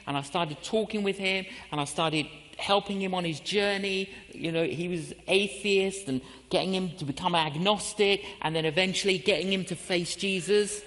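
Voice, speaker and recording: A man preaching a storytelling sermon, animated, acting out the voices and inner prayers in his story. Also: high voice, big-room sound. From England.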